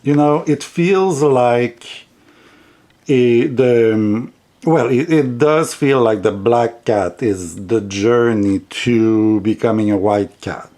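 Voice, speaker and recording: Speaking slowly in a mellow, mid-range voice, a tarot vlogger with a heavy non-native English accent chats casually. He tends to ramble and giggle along the way.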